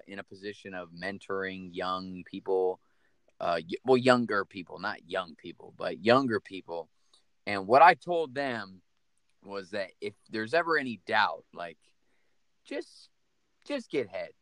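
A man's voice: fairly low pitch, expressive, measured pace, fairly bright tone, dry recording. Joking male podcast host, dry mic. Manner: loose, joking interviewer. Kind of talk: casual podcast chat.

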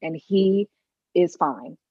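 Young woman guest gushing away, lowish voice, dry kinda dull audio. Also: expressive, slow pace, husky, dry recording. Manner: enthusiastic, gushing. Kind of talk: casual interview chat.

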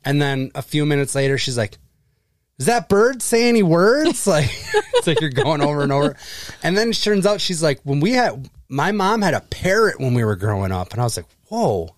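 A man's voice: a little high, animated, a little fast, no room sound, studio quality. A man in his thirties telling stories on a casual podcast, swearing freely and acting out the people he talks about. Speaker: podcast co-host. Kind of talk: casual chat.

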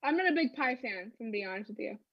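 A woman's voice: fairly high pitch, lively intonation, fast talker, breathy edge, no room sound. A British woman hosting a casual chat, chatty and teasing, laughing often. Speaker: podcast host. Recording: dull lo-fi dry mic.

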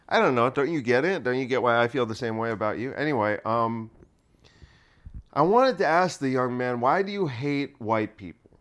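A man's voice: mid-range voice, lively intonation, moderate pace, fairly bright tone. A comedian riffing off the top of his head, rambling and laughing at his own jokes. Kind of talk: solo comedy riff.

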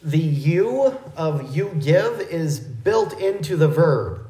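A fairly high-voiced man preaching a verse-by-verse sermon. He explains carefully in a measured, teaching way. His voice rings around a roomy, echoing space. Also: big pitch swings, mellow. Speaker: pastor. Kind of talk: expository sermon.

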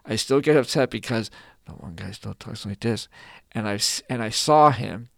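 A man's voice: fairly low pitch, normal speed, creaky, no room sound, clean studio sound. Chatty man talking golf on a podcast. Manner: animated, restarts phrases often. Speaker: podcast co-host. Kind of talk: casual golf chat.

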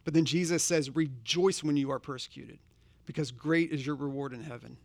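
A man's voice: fairly high pitch, fairly even intonation, fairly quick, gravelly, no echo, studio quality. A man preaching a sermon, earnest and conversational, posing direct questions to his congregation. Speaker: pastor.

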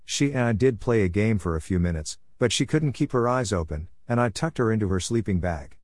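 A man reads a first-person audiobook in a low, steady voice, calm and measured. The recording is close and dry, with the room deadened. He keeps a patient, even firmness through the telling. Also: no room sound. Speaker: narrator.

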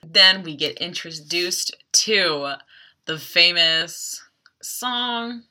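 A woman hosts a podcast in an easy, chatty recap style, tossing in wry asides as she goes. Her voice is very bright and sits a little low for a woman. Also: takes it slowly. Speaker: podcast host. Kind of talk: casual episode recap.

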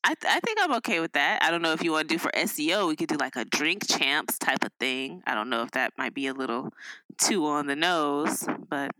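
A woman co-host in an easy, joking podcast chat. Her bright voice moves up and down a lot, and she laughs often. The sound is close and dry. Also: low voice, expressive, fairly quick, no room sound, rough recording. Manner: laughs often, playful banter. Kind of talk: casual chat.

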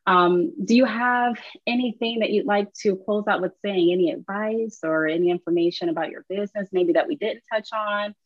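A woman from Michigan with a Michigan accent, hosting a podcast and telling stories in an animated, laughing way. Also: mid-range voice, no room sound, phone-quality sound. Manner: animated, quick storytelling with laughs. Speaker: podcast host. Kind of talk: casual interview chat.

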